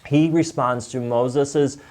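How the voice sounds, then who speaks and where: A man's voice: medium pitch, fairly even intonation, measured pace, a little mellow. A man teaching an online Bible lesson review in a conversational way, with frequent fillers. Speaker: church teacher.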